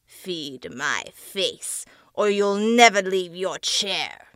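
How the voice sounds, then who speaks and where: A woman voicing a cursed talking face that taunts and demands food in a slow, menacing way. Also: lowish voice, lively intonation, a bit bright, dry recording, studio quality, full character voice. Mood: demanding.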